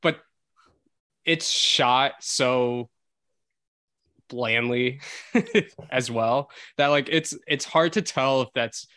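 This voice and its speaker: A man co-hosting a casual film podcast, animated and rambling, laughing often. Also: mid-range voice, takes it slowly, long pauses, clean tone, no room sound. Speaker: podcast co-host.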